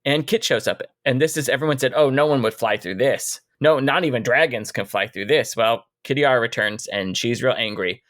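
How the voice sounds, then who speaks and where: A man co-hosting a casual book podcast, relaxed and thoughtful as he walks through the plot. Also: medium pitch, brisk, hardly any pauses, no room sound, clean studio sound. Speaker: podcast co-host.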